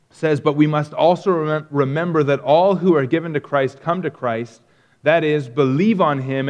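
A man's voice: on the high side, a little mellow, muffled recording. A man teaching a theology lesson, reading quoted passages aloud and explaining them in an earnest, emphatic way with frequent restarts.

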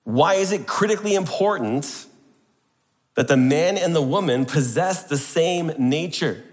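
A man delivers a sermon from a church sanctuary, his voice sitting a little high for a man. He presses his points hard and keeps throwing rhetorical questions at the congregation. The sound carries a long reverb from the big room. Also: animated, measured pace. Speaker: preacher.

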